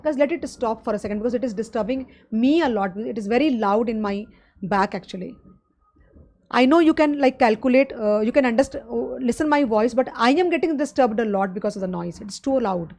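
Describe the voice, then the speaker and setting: A woman with an Indian English accent teaches exam finance in a live online class, explaining each step plainly and checking in with her students as "guys." Her voice is high-pitched, well above most women's, and a little fast. Loud street festival drums play in the background.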